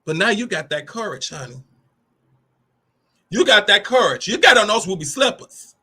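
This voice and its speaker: A woman hosting a motivational talk with a brassy, animated delivery, cursing freely and calling listeners honey and baby. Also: mid-range voice, normal speed, breathy edge. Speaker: host of a motivational talk show.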